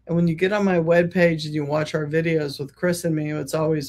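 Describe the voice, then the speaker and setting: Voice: medium pitch, fairly even intonation, moderate pace, creaky, a little mellow. A spiritual healer hosting a podcast, speaking in a reflective monologue with repetitive, emphatic phrasing.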